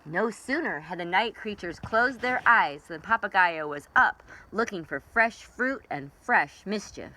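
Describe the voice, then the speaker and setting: Bright, expressive woman reading a storybook to kids, lively rises and falls, faint noise. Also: mid-range voice, measured pace, hardly any pauses, poor audio. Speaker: children's librarian. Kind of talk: reading a picture book aloud.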